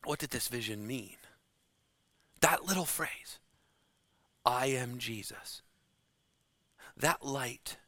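Guy preaching a sermon real slow and dramatic, goes quiet to hit a point, bright tone. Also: medium pitch, no echo. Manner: slow and dramatic, dropping to a hush for emphasis.

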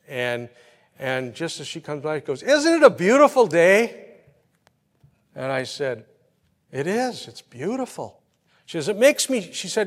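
A man preaching a sermon, telling everyday stories and swinging from soft, quiet passages to loud, emphatic peaks. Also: fairly high pitch. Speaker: pastor. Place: church. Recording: long hall reverb.

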